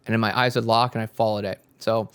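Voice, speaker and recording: A man's voice: lowish voice, quick pace, smooth, no echo. A young man telling a spiritual story in a casual, rambling way, swearing often and acting out what he and his friends said. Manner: rambling, profane, animated quoting of himself and friends. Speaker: spiritual content creator.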